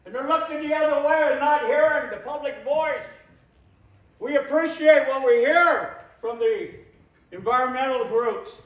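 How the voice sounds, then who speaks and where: A man giving an impassioned public talk, slow and emphatic, repeating phrases for weight. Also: very high voice, fairly bright tone. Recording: echoey room, voice from a distance.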